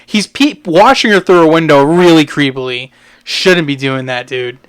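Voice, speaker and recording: A man's voice: on the high side, moderate pace, fairly bright tone, clean tone. A man co-hosting a casual movie podcast, chatting loosely with lots of fillers and frequent laughs. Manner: laughs often, many fillers. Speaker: podcast co-host. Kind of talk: casual movie review chat.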